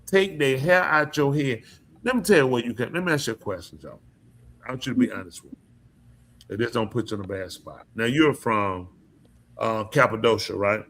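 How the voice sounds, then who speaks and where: Male podcast host, mid pitch, preachy casual talk, emphatic delivery. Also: lively intonation, fairly quick, fairly bright tone, a little hiss or hum. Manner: emphatic, preachy, asks the listener questions.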